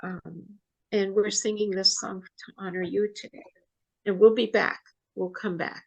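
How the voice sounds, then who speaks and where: A woman speaks as a guest in a relaxed interview, recounting a story in a soft, gravelly voice. She halts often and restarts her sentences as she goes. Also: mid-range voice, low-quality recording. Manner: soft-spoken, halting with restarts.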